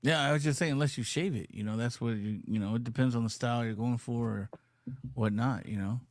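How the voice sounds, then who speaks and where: A man's voice: mid-range voice, brisk, no room sound. Man tossing dry asides on a stream. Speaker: livestream co-host. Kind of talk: casual chat on a stream.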